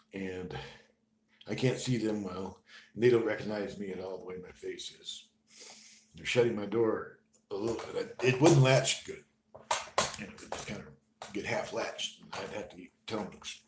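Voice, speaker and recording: A man with a low voice tells his own story in a halting, conversational way, sinking to a near murmur at times and then bursting out loudly. He sounds like he is in an echoey room, with faint noise behind him. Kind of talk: spoken personal story.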